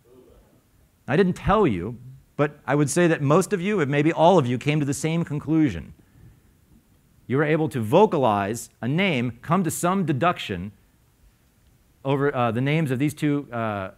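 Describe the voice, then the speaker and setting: Man giving a conference talk. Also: fairly high pitch. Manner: conversational, quizzes the audience, frequent uh fillers. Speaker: conference speaker. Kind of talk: conference talk with audience questions. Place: lecture room before a live audience.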